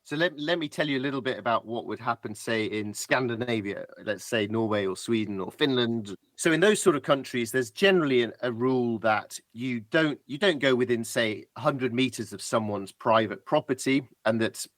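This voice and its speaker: A British man talks in a polite, chatty and reflective way, like a guest settling into a relaxed interview. His voice sits at an ordinary middle pitch. The sound is dry and close, with no room echo. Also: normal speed, few pauses. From Britain. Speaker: guest adventurer. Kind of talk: casual podcast interview.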